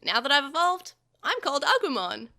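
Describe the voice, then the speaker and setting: A woman's voice: high-pitched, big pitch swings, a little fast, gravelly, pushed and bright, voice pushed up, full character voice. A woman voicing a small, brave baby monster, loyal and determined, speaking earnestly. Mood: cheerful. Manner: earnest, fierce.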